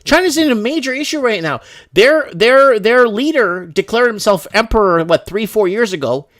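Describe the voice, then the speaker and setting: A man from Canada hosting a loose livestream, his voice sitting a little high for a man. He rambles, restarts sentences and reads viewer emails aloud. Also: animated, normal speed, a bit bright. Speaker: host. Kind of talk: casual livestream commentary.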